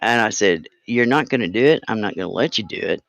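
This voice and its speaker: A blunt, firm middle-aged man recounts a run-in with a school in a casual chat, swearing as he quotes himself. His voice moves lively up and down, and it sounds dry and close, with no room around it. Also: lowish voice, quick pace, creaky, dry recording. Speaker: co-host, parent of the other host.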